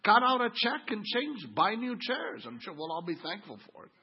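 A pastor in his fifties preaching a sermon, swinging from quiet asides to loud exclaiming. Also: high voice, sing-song, moderate pace, husky, muffled recording. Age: 50s.

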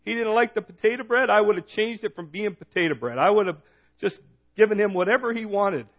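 A man's voice: high voice, animated, brisk, lo-fi sound, voice pushed up. A man voicing an Irish wife who says she would have changed the lunch, in a joke told in a sermon. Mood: earnest. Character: Irish wife, earnest and regretful, female.

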